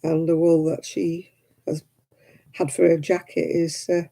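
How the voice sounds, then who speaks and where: At home, a woman hosts a crafting livestream, chatting and rambling as she crochets and counting stitches under her breath. Her voice is low-pitched and dark, with vocal fry, a level tone, and a measured pace.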